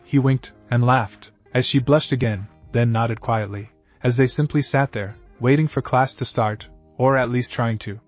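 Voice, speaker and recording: A man giving a steady scripted fan fiction narration, muffled, with faint music behind. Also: medium pitch, moderate pace.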